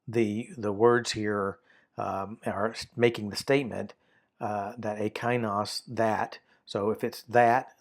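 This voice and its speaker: A man teaching a Greek grammar lesson, talking through a textbook with many fillers and restarts and sometimes reading passages aloud. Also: on the low side. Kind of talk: unscripted lesson walkthrough.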